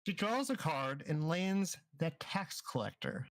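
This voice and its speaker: A man's voice: a little high, big pitch swings, unhurried. Man narrating a tabletop game over voice chat. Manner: second-person scene narration with restarts. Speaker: dungeon master. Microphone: online voice chat mic.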